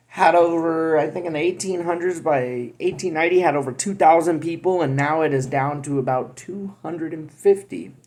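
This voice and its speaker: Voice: medium pitch, a little mellow. A coffee review vlogger casually reading a roaster's website aloud, correcting their own wording mid-sentence and tossing in joking asides. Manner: jokey asides while reading.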